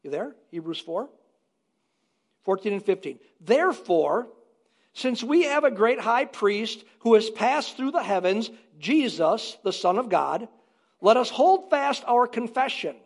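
High-pitched guy preaching, pushy repeated lines, church pastor. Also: animated, unhurried. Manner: emphatic, repeats phrases for stress. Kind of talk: sermon.

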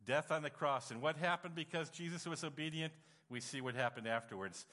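Bright-voiced preacher man in a reverberant hall. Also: fairly high pitch, brisk. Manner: storytelling, emotional, exclamatory. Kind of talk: sermon.

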